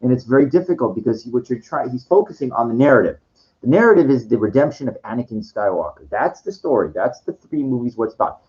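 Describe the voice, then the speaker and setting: A man's voice: lively intonation, a little mellow. Guy rambling on with lots of you knows, dull lo-fi audio. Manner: rambling, many restarts and "you know" fillers, mimics film lines in a low slow voice. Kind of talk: rambling casual monologue.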